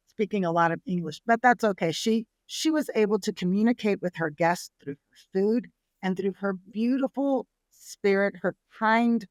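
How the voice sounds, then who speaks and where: A middle-aged woman from San Antonio, Texas, a restaurateur telling her family's history in a relaxed interview, lively and acting out the people she quotes. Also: medium pitch, dry recording. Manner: lively storyteller who acts out family quotes. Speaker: restaurateur guest. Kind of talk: casual storytelling interview.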